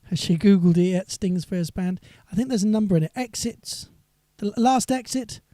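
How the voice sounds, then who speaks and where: A man's voice: sits high, moderate pace, warm tone, no echo, studio quality. A singer-songwriter man chatting on a live stream between songs, rambling and reading viewer comments aloud.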